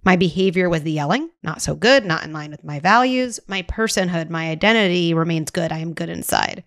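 A woman podcast host and psychologist, measured and affirming as she explains ideas to her guest. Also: fairly low pitch, dry recording, studio quality. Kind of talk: podcast interview.

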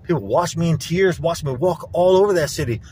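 A man's voice: fairly high pitch, fairly quick, darkish tone, slight background noise. Aggrieved middle-aged man, rambling on a phone. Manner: aggrieved, accusatory, repetitive. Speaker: vlogger. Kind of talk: rambling phone vlog monologue. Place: outdoors, around a lake. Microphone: handheld phone.

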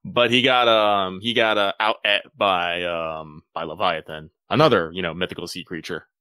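A man's voice: sits low, steady tone, moderate pace, sharp tone, clean tone, no echo. A man co-hosting a casual podcast, laid-back and joking, who swears casually.

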